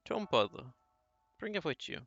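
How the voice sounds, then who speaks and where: A man voicing an older shop owner, gruff but kindly, talking in a chatty, confiding way, in a slightly dull lo-fi recording. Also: sits high, sing-song, normal speed, a bit bright, soft background music, voice pushed up, heavily acted. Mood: brusque.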